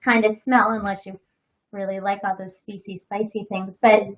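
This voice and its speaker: A woman's voice: mid-range voice, level tone, moderate pace. A woman leading a small class, who speaks in a friendly way and gives practical tips. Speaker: class leader. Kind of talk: casual chat. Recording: muffled lo-fi audio.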